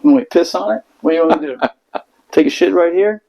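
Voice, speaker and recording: A man's voice: high voice, animated, quick pace, gravelly, warm tone, rough recording. Profane, laughing veteran man telling stories. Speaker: Marine veteran storyteller. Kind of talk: casual chat.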